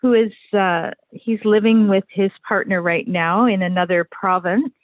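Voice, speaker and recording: A woman's voice: medium pitch, measured pace, no echo. Hesitant older woman caller on a phone line. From Canada. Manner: hesitant, many fillers and restarts.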